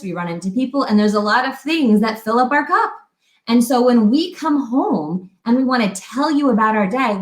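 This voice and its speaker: A woman co-hosting a fitness talk, giving chatty, animated relationship advice and acting out little quotes. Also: a little high. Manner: chatty, animated, laughs often, acts out quotes. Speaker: fitness coach co-host. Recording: echoey room.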